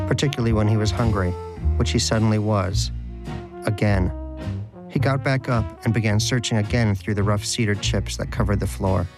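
Low-voiced man narrating a wry tale. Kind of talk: audiobook narration. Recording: faint music behind.

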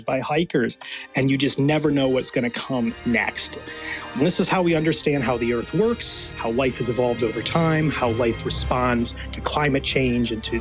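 A man, a paleontologist and professor, answering radio interview questions with enthusiasm and frequent laughs. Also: mid-range voice. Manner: enthusiastic, explanatory, laughs often.

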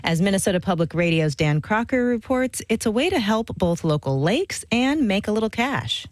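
A woman hosting a scripted morning news program with a smooth, polished delivery. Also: mid-range voice, very animated, moderate pace, no echo. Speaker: radio host. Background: music bed.

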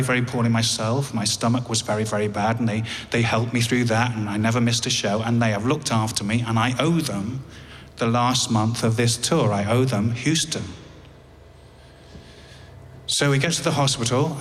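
An English man telling a personal story on stage, with a wry, halting delivery that repeats words. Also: mid-range voice, in a large hall, a little hiss or hum. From England.

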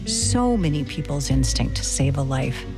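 Lowish woman's voice telling a radio story, measured, guitar playing underneath. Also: very animated, creaky. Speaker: reporter and narrator. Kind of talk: scripted documentary narration. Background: soft guitar music.

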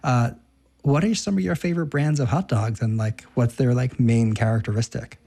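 Husky-voiced male interviewer. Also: medium pitch, normal speed, dark tone. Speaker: interviewer host. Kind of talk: casual interview chat.

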